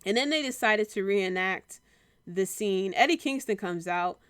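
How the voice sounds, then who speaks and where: A young woman hosting a podcast, giving a casual solo review in a chatty way with many fillers and animated quotes. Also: mid-range voice, a little slow, smooth, dry recording, studio quality. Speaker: podcast host reviewing wrestling.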